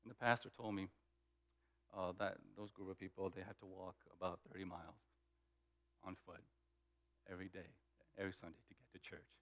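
A man's voice: low-pitched, little pitch movement, brisk, pauses often, a bit bright, in a large hall. A man preaching a sermon, telling a story and acting out both sides of conversations. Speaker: pastor.

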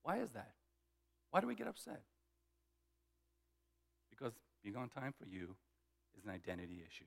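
A man's voice: sits high, gravelly, long reverb tail. A man preaching a sermon, telling a story and acting out both sides of conversations. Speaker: pastor.

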